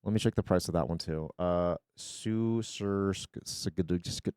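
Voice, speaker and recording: A man's voice: sits low, measured pace, darkish tone, clear, resonant tone, no room sound, clean studio sound. A male streamer chatting casually while opening card packs, swearing freely and tripping over card names.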